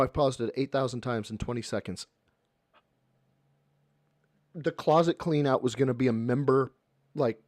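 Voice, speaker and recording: Midwestern male streamer, sarcastic and fed-up, swears a lot, voice sits a bit high. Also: darkish tone, no echo, studio quality. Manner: exasperated, sarcastic and profane. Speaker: streamer reacting to a podcast clip. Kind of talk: live-stream reaction commentary.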